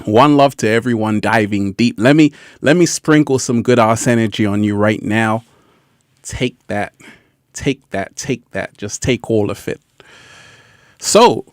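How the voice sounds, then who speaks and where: A man's voice: medium pitch, dry recording, clean studio sound. A man hosting a casual livestream who laughs often and repeats his phrases. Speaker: livestream host.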